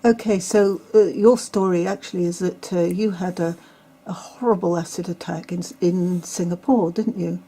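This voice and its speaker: A woman interviewer gently and hesitantly prompts her guest. Her voice is mellow and dark, with a breathy, husky edge. She sounds sympathetic but measured. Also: on the low side, steady tone. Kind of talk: interview questions.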